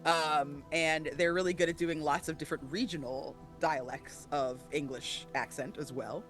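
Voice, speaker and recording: A man guesting on a podcast, chatting casually and telling animated, profane stories with frequent laughter. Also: fairly high pitch, normal speed, soft background music. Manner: animated, profane storyteller who laughs often. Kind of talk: casual chat.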